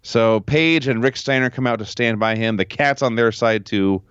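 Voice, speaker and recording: A man co-hosting a podcast from home, recapping events in a sarcastic, deadpan way during casual chat. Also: mid-range voice, normal speed, smooth, no room sound, dull audio. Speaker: podcast co-host.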